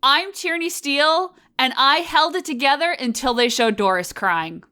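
A woman's voice: sits high, normal speed, pushed and bright. A woman hosting a podcast in casual chat. She is chatty and laughs often while she talks. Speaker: podcast host.

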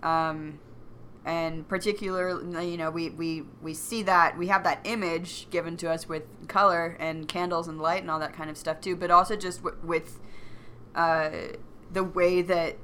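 A woman's voice: lowish voice, level tone, moderate pace, a bit bright, slight background noise. A woman co-hosting a casual book discussion podcast, enthusiastic and searching for words as she talks. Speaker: podcast co-host.

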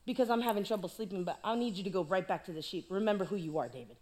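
A woman's voice: medium pitch, rapid-fire, a little mellow, pitched below the performer's own voice, close to an everyday voice. A woman voicing a weary king who gives offhand orders. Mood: dismissive. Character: weary demanding male king.

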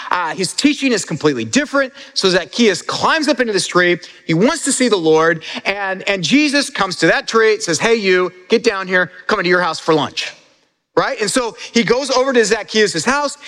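A man's voice: sits high, a bit bright, in a large hall. A man preaching as pastor in a casual, conversational sermon, often repeating words as he builds a point.

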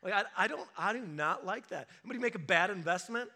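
Bright, lively male pastor preaching. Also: high-pitched, fast. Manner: animated, acts out quoted voices for humor. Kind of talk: sermon.

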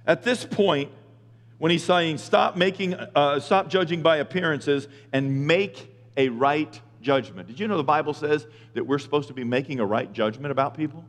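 A male pastor preaching a sermon, retelling scripture in casual slang and building to emphatic shouts. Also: fairly high pitch, normal speed. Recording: long reverb of a large hall.

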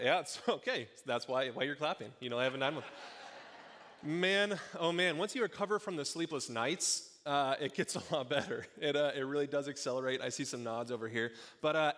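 A man's voice: medium pitch, a bit bright. A young adult man preaching a sermon, talking in a conversational, jokey way with asides to a live congregation in a church. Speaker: pastor.

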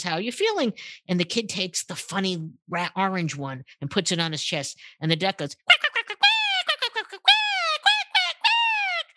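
Older woman guest, animated storyteller, bright voice, dry close mic. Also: no echo. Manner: acts out quotes with big pitch jumps, many restarts. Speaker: guest, purpose marketing consultant. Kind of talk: animated storytelling in a podcast interview.

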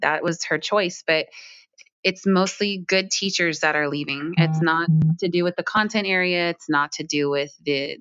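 A woman teacher answering interview questions earnestly, with frequent pauses. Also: low voice, a bit bright, no room sound. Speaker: striking schoolteacher. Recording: slightly dull lo-fi sound.

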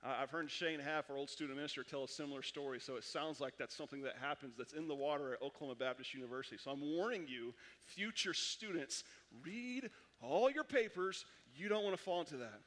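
High-voiced pastor preaching in a reverberant sanctuary. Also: male voice. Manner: animated storytelling with quick restarts. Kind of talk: sermon. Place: church sanctuary. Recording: long hall reverb.

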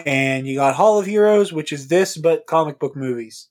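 A man talking as a podcast guest in casual chat, excitable and rambling, swearing freely. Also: a little high, normal speed.

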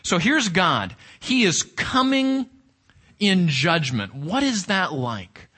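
A man's voice: sits high, big pitch swings, slow pace, sharp tone. A male pastor preaching a sermon with emphasis, reading scripture aloud and asking the congregation rhetorical questions.

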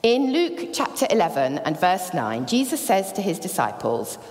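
A woman preaching a sermon, telling the story lively and acting out the voices. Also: fairly low pitch, moderate pace. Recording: long church reverb.

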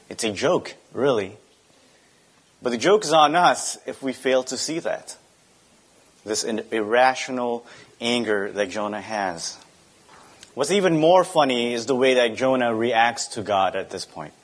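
A young adult man preaches a sermon in an easy, conversational way. He asks his listeners frequent rhetorical questions and slips in personal asides. His voice sits at an ordinary middle pitch. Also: a bit bright. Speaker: pastor.

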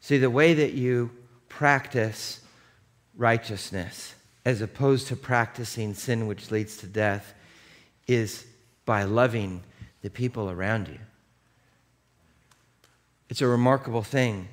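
A pastor in his thirties speaks at medium pitch, slowly and with long pauses. His sermon starts conversational and full of storytelling, then builds into impassioned preaching.

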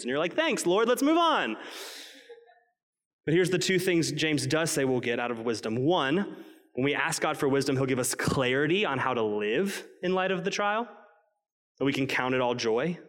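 A man's voice: medium pitch, a bit bright. Man preaching in an echoing hall. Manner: earnest preaching, slowing to stress key points, acting out quoted voices. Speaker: pastor. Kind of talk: sermon. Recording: long reverb of a large hall.

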